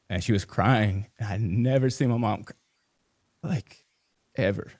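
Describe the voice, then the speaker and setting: A man in his thirties speaks as a podcast guest in a very deep, low voice. He tells a family story haltingly, full of fillers and restarts. The sound is dry and close. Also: a little mellow, dry recording. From Houston, Texas. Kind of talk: emotional personal storytelling.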